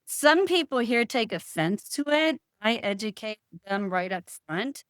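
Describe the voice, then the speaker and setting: A middle-aged woman, a real estate professional, telling stories in a calm, assured way in a casual interview. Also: fairly high pitch, unhurried, smooth, dry recording, clean studio sound. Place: California.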